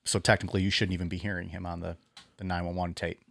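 A man's voice: sits low, flat delivery, fast, vocal fry, fairly bright tone, dry recording. A man co-hosting a casual true-crime podcast, reacting and summing up points in short remarks. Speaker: podcast co-host.

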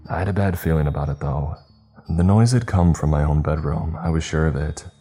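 A man with a very low, dark and mellow voice reads a first-person horror story. His tone is husky and his telling is measured and tense. Faint music plays underneath.

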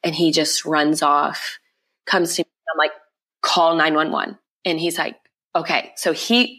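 Woman with a lower voice giving a heartfelt testimony. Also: level tone, sharp tone. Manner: emotional, quick retelling with repeated phrases. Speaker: podcast guest. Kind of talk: personal testimony in an interview.

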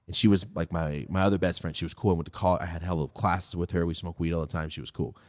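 A man hosting a podcast, telling a story in a loose, profane, rambling way while high. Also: steady tone, fast, no room sound, studio quality. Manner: profane, rambling, laid-back. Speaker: podcast host. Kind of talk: casual storytelling.

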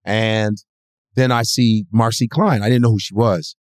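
A male comedian guest telling profane, animated stories in a casual podcast chat. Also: fairly low pitch, measured pace, dry recording, clean studio sound.

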